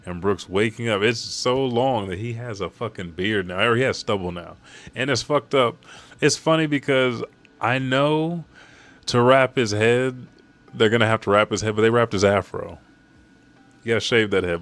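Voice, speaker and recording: A man recapping a comic chapter in casual talk, reading the characters' lines aloud with excited jumps in his voice and casual swearing. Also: lowish voice, normal speed. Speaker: manga chapter reviewer.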